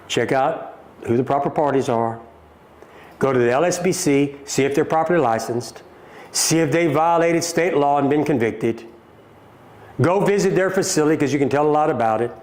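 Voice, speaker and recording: A middle-aged man with a Southern American drawl hosts a livestream, firing back at viewer comments with emphatic, repeated points and calling his audience folks. His voice sits a little high for a man. The room around him rings with echo. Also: fairly quick, a little mellow. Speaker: company CEO hosting a livestream. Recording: echoey room.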